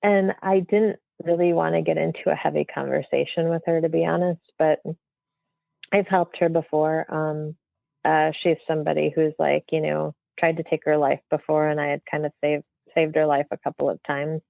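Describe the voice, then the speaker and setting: Brief: chatty woman guest, lowish voice, thin phone-line sound. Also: level tone, moderate pace, gravelly, no room sound. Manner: chatty, rambling, lots of fillers. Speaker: guest medium. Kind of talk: casual storytelling in a podcast interview. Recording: dry, thin phone-like audio.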